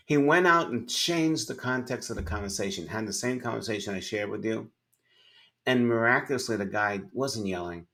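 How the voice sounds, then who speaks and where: A middle-aged man with a fairly low voice gives advice as an interview guest. He talks emphatically and slips into acted-out dialogue when he tells a story. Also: a little fast, creaky, a bit bright. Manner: emphatic, acts out dialogue in anecdotes. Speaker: podcast guest, sales and leadership speaker.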